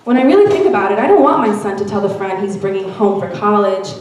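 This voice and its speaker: A woman's voice: medium pitch, quick pace, noisy background. Woman reading a story in an echoey hall. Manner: expressive storytelling. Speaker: reader at a church Mother's Day event. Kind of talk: reading a narrative aloud. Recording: very echoey room, from far off.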